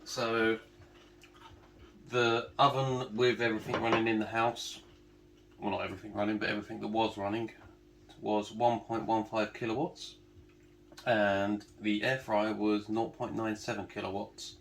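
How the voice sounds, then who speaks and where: A man, calmly explaining test results in a casual home chat. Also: lowish voice, normal speed, creaky, a little hiss or hum. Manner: calm, explanatory. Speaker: vlog co-host. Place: home kitchen. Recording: echoey room.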